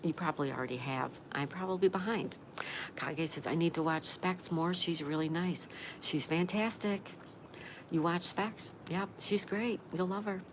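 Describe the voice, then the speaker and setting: Over the sound of rain, a Florida woman hosts a livestream, chatting and reading her viewers' messages out loud. Her voice sits on the low side at a normal speed, and the background is noisy.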